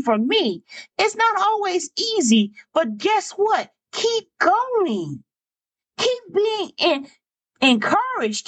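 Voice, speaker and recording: A woman preaches in a high, bright voice. She keeps repeating phrases for emphasis and asks the listeners over and over whether they understand. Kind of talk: sermon.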